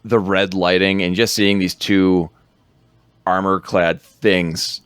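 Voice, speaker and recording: A man's voice: deep voice, level tone, slow, a bit bright, clear, resonant tone, no echo. A man co-hosting a podcast, rambling through a film recap in casual chat, laughing often.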